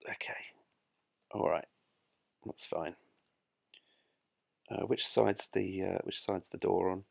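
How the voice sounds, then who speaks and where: A man's voice: sits low, steady tone, takes it slowly, gravelly, slightly rough, no echo, studio quality. A man giving chatty, self-mocking live commentary while he plays a space game. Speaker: gameplay streamer.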